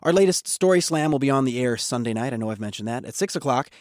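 Relaxed male radio host. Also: mid-range voice, fast talker, dry recording, studio quality. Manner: relaxed, conversational announcing. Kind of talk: hosting a public radio show.

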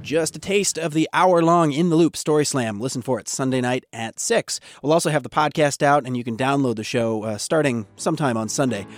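A man hosting a public radio show, announcing in a relaxed, conversational way. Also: medium pitch, brisk, hardly any pauses, no room sound, soft background music. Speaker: radio podcast host.

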